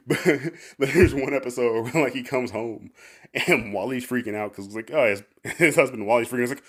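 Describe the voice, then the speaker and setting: A man's voice: lowish voice, fairly quick, a bit bright. A man hosting a casual podcast, rambling with lots of fillers and laughing often. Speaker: podcast host.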